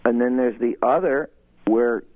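A male voice actor being interviewed over the phone, talking in an animated way and slipping into impressions. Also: mid-range voice, measured pace, no echo. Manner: animated storytelling, slips into impressions. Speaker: guest voice actor. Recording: tinny phone line.

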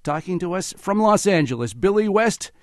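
A man hosting a public radio talk show, speaking in a measured, announcer-like way. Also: high-pitched, expressive, no room sound, studio quality. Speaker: radio host.

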